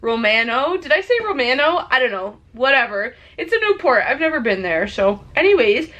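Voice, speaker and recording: A woman's voice: high voice, sing-song, moderate pace, bright, forceful tone. Bubbly woman vlogging from a cruise cabin. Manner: chatty and bubbly, many fillers like "like". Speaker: travel vlogger. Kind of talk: casual vlog chat to camera.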